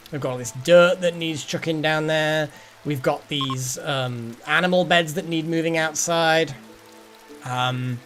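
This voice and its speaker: A man's voice: fairly high pitch, fairly bright tone. A man streaming a game, rambling casually to his chat. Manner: rambling, chatty, talks to chat. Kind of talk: casual gameplay commentary.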